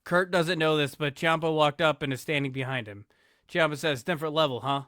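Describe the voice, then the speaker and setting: Podcast host, laid-back narrator, slightly high voice, crisp and dry. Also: male voice, brisk, sharp tone, no room sound. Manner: laid-back, stumbles and self-corrects, self-deprecating. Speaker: podcast host narrating booked wrestling segments. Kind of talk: casual narration of wrestling scenarios.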